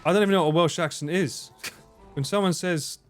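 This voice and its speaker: A man's voice: a little high, brisk, soft background music. A man streaming live, chatting casually with his viewers, laughing often and swearing freely. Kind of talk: casual livestream chat.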